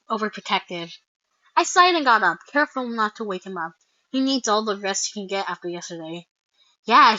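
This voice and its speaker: Excitable woman reading a fan comic. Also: on the high side, dry recording. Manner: excitable, with squeals and laughs. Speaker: comic reader and reactor. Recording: slightly dull lo-fi mic.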